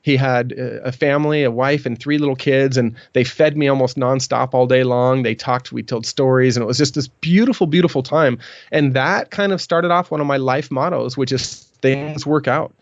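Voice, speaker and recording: A man's voice: mid-range voice, moderate pace, dry recording, muffled recording. Man telling a story with many restarts. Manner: rambling, many restarts and ums. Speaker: podcast guest. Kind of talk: storytelling in an interview.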